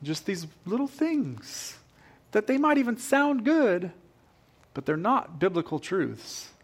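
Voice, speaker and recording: Man, pastor, sermon, animated, repeats phrases, slightly high voice. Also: slow pace, husky.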